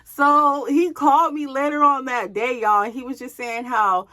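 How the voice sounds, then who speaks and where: A woman's voice: high voice, steady tone, sharp tone. Chatty young woman telling a story. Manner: chatty, addresses viewers as y'all; dismissive drawn-out asides. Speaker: storyteller vlogger. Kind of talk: casual storytime monologue.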